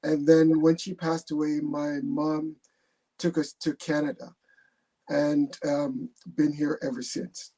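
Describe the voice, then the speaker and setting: A man's voice: fairly high pitch, little pitch movement, takes it slowly, dark tone. A man born in England and raised in Jamaica, a guest telling his story on a video call, hesitant and repeating his words. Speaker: guest, retired army captain.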